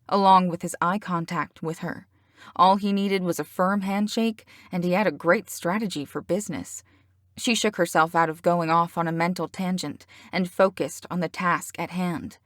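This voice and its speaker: A woman's voice: on the low side, no echo. Woman narrating a romance audiobook, dry.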